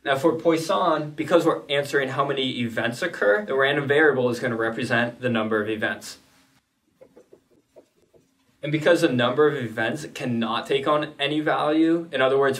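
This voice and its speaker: A man walks through a statistics lesson at an even, middle pitch. He explains step by step in a plain, methodical way and drops in casual asides. His voice sits a little away from the microphone. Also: normal speed, recorded from a distance. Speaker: statistics teacher.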